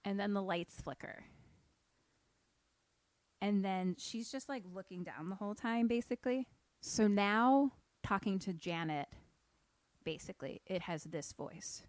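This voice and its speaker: A woman co-hosts a podcast, retelling a horror film in loose, profane chat. Her voice sits in an ordinary middle pitch, recorded dry and close. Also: measured pace, pauses often, no room sound. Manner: animated, profane, acts out characters. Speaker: podcast co-host.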